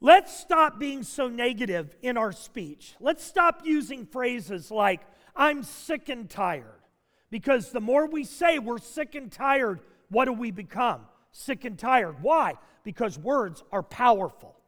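A man preaching from the pulpit in a strikingly high voice. He speaks earnestly and sometimes climbs into loud, emphatic shouts. A long reverb from the hall trails behind his words. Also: expressive, a little slow, few pauses. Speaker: pastor. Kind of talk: sermon.

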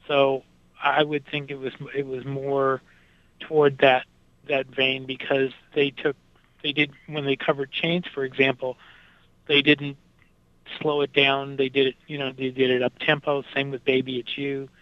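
A man's voice: mid-range voice, completely flat delivery, unhurried, no room sound, lo-fi sound. A man talking casually about music, with lots of fillers and restarts as he thinks aloud. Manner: hesitant, many fillers and restarts.

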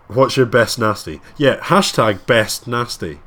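A man's voice: medium pitch, animated, unhurried, fairly bright tone. A man co-hosting a casual podcast, talking in a rambling, jokey way with many restarts. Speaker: podcast co-host.

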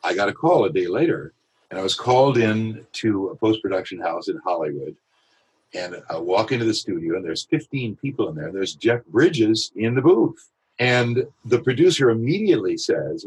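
A male voiceover artist telling a lively anecdote in an interview, with a husky voice. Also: fairly low pitch, moderate pace, low-quality recording. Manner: animated anecdotal storytelling. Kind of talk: storytelling in an interview.

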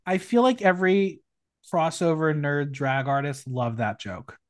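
A man hosting a podcast on a video call, chatting casually and reacting with animated quick remarks. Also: on the high side, smooth. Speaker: podcast host. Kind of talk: casual recap chat, reading quotes aloud.

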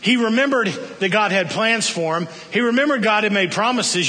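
Male pastor, high bright voice, animated sermon delivery, loud-to-hushed swings, echoing hall. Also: brisk.

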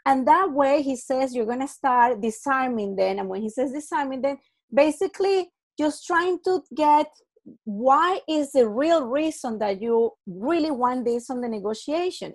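A woman's voice: high voice, a little mellow. A woman hosting a podcast, explaining in a chatty, casual way and acting out short example dialogues, laughing now and then. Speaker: podcast host.

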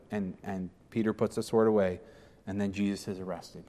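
A man preaching a sermon as pastor, animated and acting out the speakers in the scripture passage. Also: lowish voice, moderate pace, long reverb tail.

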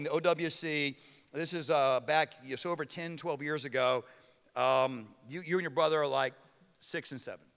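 A middle-aged man preaching a sermon as pastor, telling a story with animated outbursts. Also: high voice. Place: church auditorium. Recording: reverberant hall with music.

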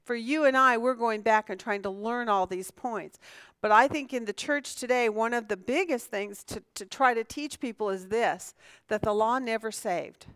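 A woman's voice: fairly high pitch, normal speed, fairly bright tone, clear, resonant tone, dry recording. A woman teaching a conversational Bible lesson. She asks the class questions, answers them herself and often restarts her sentences.

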